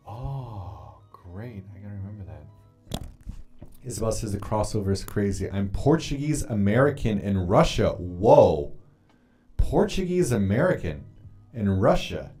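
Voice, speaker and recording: A man's voice: lowish voice, sing-song, unhurried, mellow, faint music behind. A man hosting a casual livestream, chatting in a rambling way, greeting viewers and reading their comments aloud. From Canada. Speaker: livestream host.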